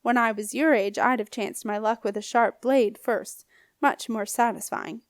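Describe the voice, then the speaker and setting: A woman's voice: fairly high pitch, steady tone, unhurried, no room sound, clean studio sound, natural voice. A woman reading an audiobook, voicing a scornful, menacing old male ghost with a snappish, growling manner. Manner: sneering, bullying.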